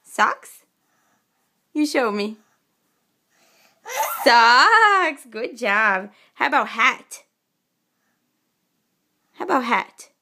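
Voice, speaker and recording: A woman coaching her toddler to sign words, speaking slowly and clearly, drawing out each word and offering frequent praise. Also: pushed and bright. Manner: slow and clear, drawn-out words with frequent high-pitched praise. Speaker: mother teaching her toddler sign language. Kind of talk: slow, sing-song coaching of a toddler.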